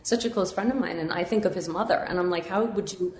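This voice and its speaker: A woman's voice: fairly low pitch, quick pace, a little hiss or hum. Upbeat woman guest in echoey room. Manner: candid, upbeat, rambling with many fillers. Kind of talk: podcast interview.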